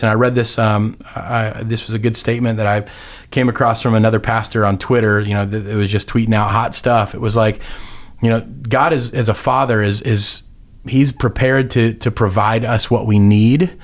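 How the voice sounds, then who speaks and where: A man, a pastor, talking through a Bible passage in casual conversation, often restarting sentences and acting out the characters' lines. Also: lowish voice. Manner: rambling, many restarts and fillers, acts out quotes.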